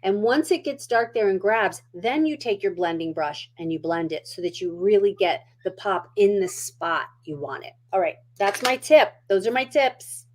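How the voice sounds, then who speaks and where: A woman's voice: mid-range voice, animated, moderate pace, hardly any pauses. A middle-aged woman hosting a casual makeup tutorial at home, chatty and down-to-earth as she demonstrates.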